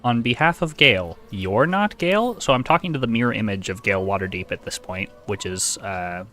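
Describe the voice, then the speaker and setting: A man's voice: lowish voice, brisk, bright, forceful tone, soft background music. A man streaming a video game, chatting casually with a wry, self-deprecating manner into a desk microphone.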